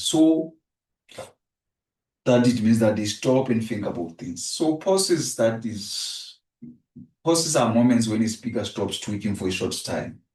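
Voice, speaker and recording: A man teaching an exam revision lesson, repeating each answer and restating it before moving on. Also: fairly low pitch. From South Africa. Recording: echoey room, distant from the mic.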